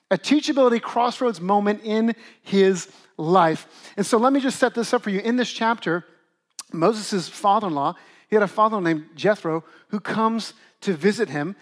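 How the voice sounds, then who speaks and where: High-voiced man preaching a lively sermon. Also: moderate pace. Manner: lively, conversational preaching with acted asides. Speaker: pastor.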